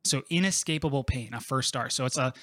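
A man co-hosts a casual recovery workshop, explaining with relaxed, run-on examples and plenty of "like". His voice sits in a middle pitch, recorded dry and close. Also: no echo. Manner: relaxed, drawn-out explanations with many "like" fillers. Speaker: podcast co-host.

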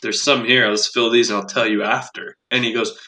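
A man rants on a casual podcast, swearing freely as he tells an exasperated story. His voice is bright and forceful. He talks loosely, with restarts and fillers. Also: mid-range voice, flat delivery, a little fast, low-quality recording. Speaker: podcast host.

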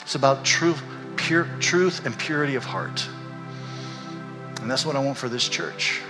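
An older man, a pastor, telling a candid and emotional personal story in a sermon, animated as he goes. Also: medium pitch, unhurried, music in the background. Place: church sanctuary. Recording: echoey hall.

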